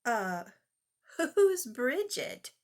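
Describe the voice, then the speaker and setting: Storybook mother, patient and amused, calls out, mildly surprised, lively voice, read by a grandmother. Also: high-pitched, drawn-out words, heavily acted. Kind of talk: reading a picture book aloud.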